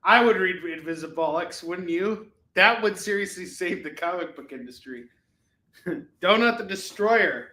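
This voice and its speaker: A man's voice: sits high, animated, a little slow, sharp tone. A man hosting a live comic-book sale stream, rambling and joking with lots of fillers from a room at home. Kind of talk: casual live-stream selling chat. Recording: echoey room.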